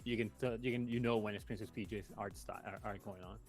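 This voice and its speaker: A man's voice: lowish voice, fairly even intonation, fast talker, a little mellow, faint music behind. A man co-hosting a live stream in casual chat, laid-back and rambling, with lots of "like".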